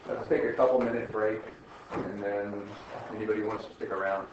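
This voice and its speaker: A man's voice: lowish voice, fairly even intonation, fairly quick. An older man, a college professor, giving a rambling, chatty classroom lecture and laughing at his own stories. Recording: echoey classroom from far off, dull and faintly noisy.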